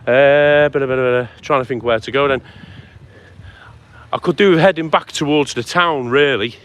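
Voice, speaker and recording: A man's voice: mid-range voice, moderate pace, a bit bright. A man live-streaming a walk outdoors, chatting and greeting viewers by name as he goes. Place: outdoors on town streets at sunset. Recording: faint outdoor street noise.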